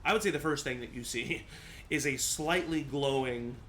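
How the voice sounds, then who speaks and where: A man's voice: mid-range voice, normal speed, a bit bright, a little hiss or hum. Laid-back male game master. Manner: casual, laid-back, chuckling often. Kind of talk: narrating a tabletop game.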